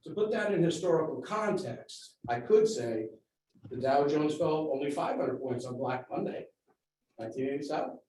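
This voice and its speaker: A man's voice: fairly high pitch, darkish tone. Guy lecturing the board with numbers, really echoey hall, faint hiss. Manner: measured, lecturing with facts and figures. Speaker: public commenter at a school board meeting. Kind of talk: public comment speech. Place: large meeting room. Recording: very echoey room, distant mic, faint noise.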